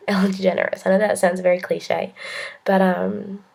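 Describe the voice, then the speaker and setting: A young woman with an Australian accent telling a personal story to camera in an earnest, halting way, with many pauses and restarts. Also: medium pitch, level tone, creaky, darkish tone. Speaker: vlogger.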